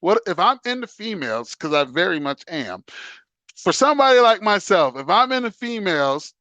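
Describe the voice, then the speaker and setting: A man's voice: high voice, big pitch swings, normal speed, bright, forceful tone, no room sound. A man hosting his own show, chatting loosely in slang, laughing often and chanting along with songs. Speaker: host. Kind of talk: casual solo chat.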